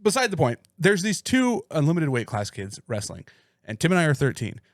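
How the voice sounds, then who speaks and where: A man's voice: a little high, huge pitch swings, fairly quick, no room sound, studio quality. A man co-hosting a podcast, telling rambling, profane stories in casual chat. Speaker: podcast co-host.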